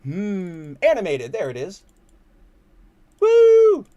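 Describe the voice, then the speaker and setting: A man's voice: on the high side, lively intonation, moderate pace, highs cut off. A young man with a Californian accent, hosting a casual livestream and rambling to his chat in slangy, loose talk. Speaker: stream host.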